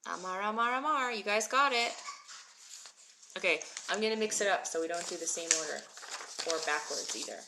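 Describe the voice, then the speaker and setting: There's background noise as a woman in her thirties, an adult immigrant to Israel, teaches a live Hebrew reading session. She talks at normal speed with medium pitch and pauses often, reading viewer comments and addressing people by name.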